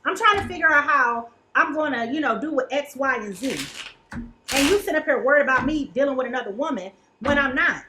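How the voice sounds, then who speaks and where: A woman quoting a stressed, busy man who brushes off his partner's worries, talking quickly and dismissively in her own voice. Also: high voice, expressive, noisy background. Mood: exasperated.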